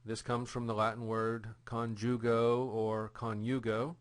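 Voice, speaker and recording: A man teaching a recorded grammar lesson, patient and deliberate, repeating each example phrase. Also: medium pitch, flat delivery. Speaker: Greek teacher.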